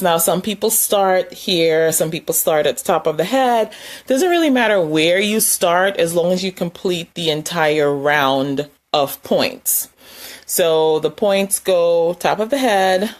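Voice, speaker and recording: Lowish-voiced woman walking you through tapping points, chatty, laughs a bit. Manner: conversational, demonstrating with hands, chuckling asides. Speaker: wellness instructor. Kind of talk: casual instructional talk.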